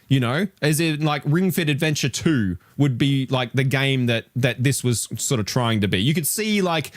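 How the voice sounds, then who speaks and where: A man's mid-range voice, captured at studio quality with no echo, delivers live reaction commentary on a game ranking. As a retro gaming streamer, he swears and rants in exasperated disbelief, staying animated throughout.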